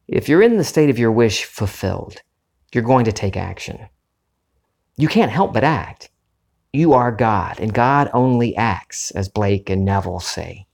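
A middle-aged man hosting a podcast, talking in a calm, earnest and unhurried way about spiritual ideas. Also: medium pitch, gravelly. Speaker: podcast host. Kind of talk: reflective spiritual talk.

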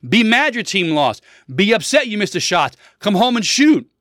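A man's voice: high-pitched, very animated, normal speed, fairly bright tone, dry recording, clean studio sound. A man in his thirties hosting a casual solo podcast, blunt and preachy, hammering his points home by repeating them. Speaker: podcast host.

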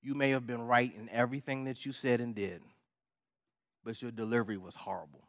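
A man's voice: mid-range voice, fairly even intonation, fairly quick, fairly bright tone, no echo, studio quality. A male pastor preaching a sermon, emphatic and repetitive, with casual asides to the congregation.

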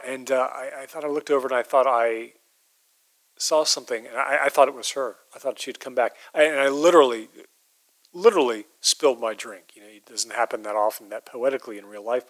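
Man telling a story in measured tones. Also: medium pitch. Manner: measured, halting, drops to a hush. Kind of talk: casual storytelling.

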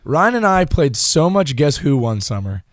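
A man's voice: on the high side, moderate pace, no room sound, clean studio sound. A young man co-hosting a casual faith podcast, telling stories with lots of restarts. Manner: chatty, animated storyteller with frequent restarts. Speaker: podcast co-host. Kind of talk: casual chat.

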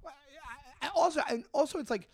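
A man's voice: very high-pitched, fast talker. A young man with a Long Island accent, co-hosting a casual podcast chat and acting out mocking voices. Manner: animated, acts out mocking voices. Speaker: podcast co-host.

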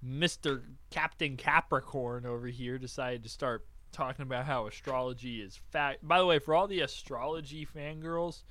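A man's voice: medium pitch, normal speed, hardly any pauses, no echo. A young man chatting casually as a podcast host, telling stories with lots of swearing and acting out quoted lines. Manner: animated storyteller, swears freely, acts out quotes. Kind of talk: casual chat.

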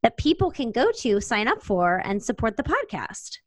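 A woman's voice: a little high, very animated, normal speed, dry recording, poor audio. Woman, podcast co-host, upbeat and chatty, dry close recording. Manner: upbeat, promotional. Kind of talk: casual podcast talk.

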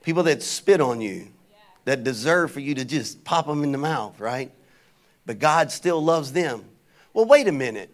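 A pastor preaching a sermon, telling stories and calling on the congregation to answer back. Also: male voice, mid-range voice, moderate pace. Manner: animated preaching with call-and-response to the congregation; conversational storytelling.

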